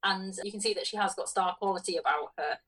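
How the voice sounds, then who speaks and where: A woman's voice: mid-range voice, quick pace, a bit bright, husky. A woman co-hosting a podcast, reading out film trivia in a matter-of-fact way. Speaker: podcast co-host. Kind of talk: casual film podcast chat. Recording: voice a bit distant from mic.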